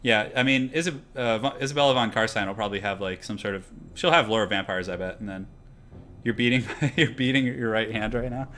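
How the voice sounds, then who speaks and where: A man's voice: lowish voice, brisk, sharp tone, a little hiss or hum. A young man casually chatting through a live stream while setting up a strategy game battle, rambling with lots of fillers. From half Irish heritage.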